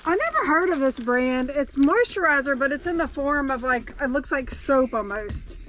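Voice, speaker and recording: A woman chats easily with a high, light voice. She jumps in to finish her partner's thoughts and laughs easily. It is relaxed co-host talk. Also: slight background noise, poor audio. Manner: chatty, quick to laugh, finishes his sentences. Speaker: co-host of a reselling channel. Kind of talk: casual chat.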